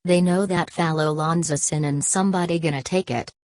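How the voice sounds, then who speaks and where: Woman voicing worn-out migrant father, bitter drawl, low voice, dry sound, audiobook. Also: steady tone, a little fast, darkish tone, dry recording, close to an everyday voice. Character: weary migrant father heading home.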